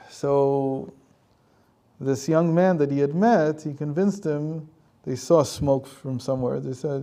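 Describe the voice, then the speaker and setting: A man's voice: a little high, takes it slowly, dark tone. A man, a rabbi and teacher, telling a story in a conversational lecture with frequent chuckles.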